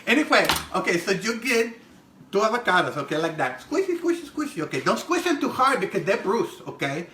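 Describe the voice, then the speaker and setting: Putting on a heavily exaggerated character, a man plays a brassy middle-aged Mexican-American woman hosting a comedic cooking show. His pitched-up voice is bright and sharp with big swings from squeals to low mutters, and she chats a bit fast, gossipy and giggly, with crude asides while demonstrating a recipe. Slight background noise and kitchen echo are audible.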